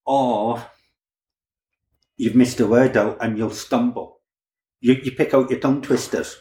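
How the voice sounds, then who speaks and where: A man's voice: mid-range voice, steady tone, measured pace, dark tone. A man, a crime novelist, chatting easily in a podcast interview and often restarting his words. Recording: roomy echo, faint background ambience.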